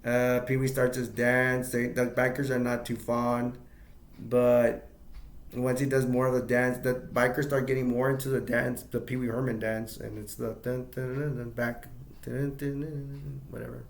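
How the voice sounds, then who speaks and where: A man casually retelling a film's plot as an amateur reviewer, rambling and halting, leaning on "like" and chuckling often. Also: medium pitch, flat delivery, vocal fry, reverberant.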